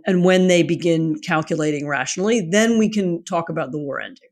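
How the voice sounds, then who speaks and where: A woman guest answering interview questions in a measured, thoughtful way, with many 'you know' fillers. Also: on the low side, a little mellow. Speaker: guest, writer.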